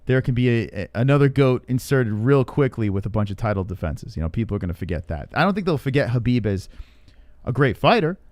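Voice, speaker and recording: A man's voice: mid-range voice, expressive, fast talker, a little mellow, no room sound, studio quality. A man hosting a casual livestream podcast, joking and teasing with banter. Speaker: podcast host.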